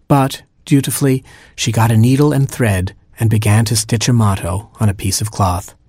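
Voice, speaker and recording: Male storyteller reading a comic tale aloud, dry and wry, husky tone, close dry sound. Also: medium pitch, darkish tone, dry recording.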